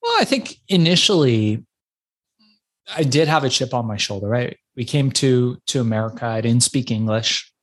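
A man's voice: medium pitch, normal speed. Iran-born man telling his story. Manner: animated storyteller with frequent restarts. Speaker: podcast guest. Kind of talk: casual interview storytelling.

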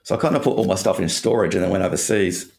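A man's voice: low voice, fast talker, gravelly, darkish tone. A man from Australia telling a candid personal story in an interview, rambling and swearing casually.

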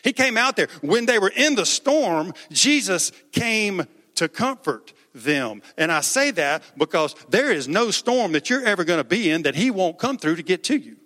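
Man, pastor, animated sermon, high voice, church reverb. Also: moderate pace. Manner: conversational, animated, joking preaching. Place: church sanctuary.

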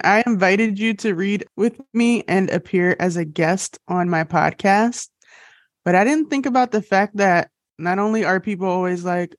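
A woman's voice: on the low side, dry recording, clean studio sound. A young woman hosting a podcast in casual chat, bubbly and laughing at her own jokes. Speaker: podcast host.

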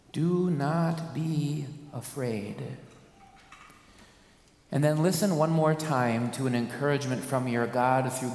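A man's voice: medium pitch, a little mellow. Man preaching in an echoey hall. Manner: dramatic preaching, rhetorical questions, slow emphatic stresses. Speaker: pastor. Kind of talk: sermon.

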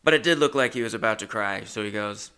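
Gravelly, bright-voiced young man podcasting. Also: on the low side, fast talker. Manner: rambling, self-deprecating, jumps between loud and muttered asides. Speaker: podcast host. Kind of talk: casual storytelling monologue.

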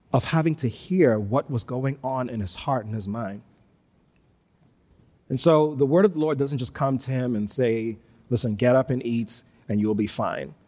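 A man's voice: mid-range voice, a little mellow. A man preaching a live sermon, telling a personal story with self-deprecating humor. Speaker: pastor. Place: church sanctuary. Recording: live church recording with long reverb.

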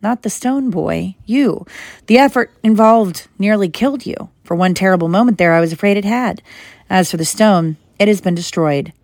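A woman voicing a kindly elderly male headmaster who speaks gently and soothingly with dry humor in a storybook reading. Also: mid-range voice, normal speed, no room sound, natural voice. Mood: gentle.

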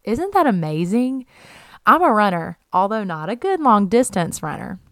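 A woman's voice: mid-range voice, sing-song, normal speed, fairly bright tone, no room sound. A young adult woman giving an earnest, encouraging devotional talk and reading scripture aloud. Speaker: Christian podcast host.

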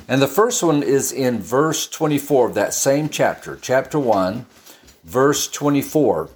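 A man preaching in a chatty, storytelling way, often restarting and adding asides as he explains a Bible passage. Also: medium pitch. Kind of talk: conversational Bible teaching.

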